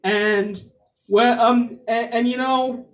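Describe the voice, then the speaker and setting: A male stand-up comedian working a club stage. He talks slowly, stumbling through repeated fillers and restarts between punchlines. The sound is live club audio with the mic at some distance. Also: very high voice, steady tone. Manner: halting, with many repeated fillers.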